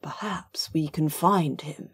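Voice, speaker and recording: A woman reading an audiobook, voicing a calm, quiet nobleman who speaks deliberately. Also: low-pitched, husky, full character voice.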